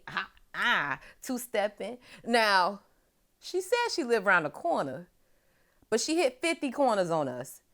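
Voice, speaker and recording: A woman hosting a casual TV episode recap, animated and chatty and swearing freely. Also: medium pitch. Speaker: host of a TV recap show.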